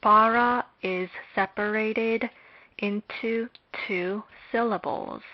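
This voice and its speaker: A woman delivers a scripted language lesson at a very slow, deliberate pace, leaving long pauses between phrases. Her voice sits at a middle pitch. The recording is dull and muffled. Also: fairly even intonation. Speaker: Hebrew lecturer.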